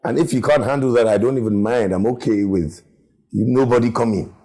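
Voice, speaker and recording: A man's voice: mid-range voice, fairly quick, warm tone. A man chatting candidly on a panel, joking and laughing between lines. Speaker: panel cast member. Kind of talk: casual panel chat.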